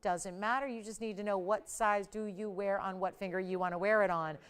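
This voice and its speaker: Smooth-voiced woman hosting a jewelry sale. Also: medium pitch, steady tone, a little fast. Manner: chatty, enthusiastic sales patter with playful price build-ups. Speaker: shopping channel host. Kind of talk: live TV jewelry selling.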